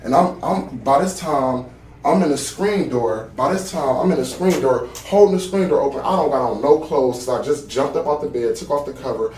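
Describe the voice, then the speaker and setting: A man's voice: medium pitch, normal speed, darkish tone, distant mic, slight background noise. Agitated man, roomy interview room. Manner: agitated, profane, repeats himself. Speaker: witness. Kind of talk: police interview statement.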